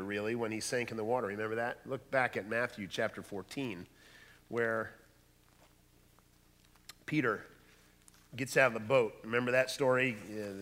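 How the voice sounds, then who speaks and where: A man preaching a sermon, dramatic, dropping to a hush and rising to loud bursts. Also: mid-range voice. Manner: dramatic, swings from hushed to loud. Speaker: pastor. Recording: long hall reverb.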